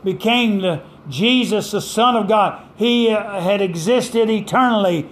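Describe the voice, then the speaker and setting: A man preaching a sermon with fervent call-and-response delivery, dramatic pauses and emphatic scripture quotes. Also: high voice.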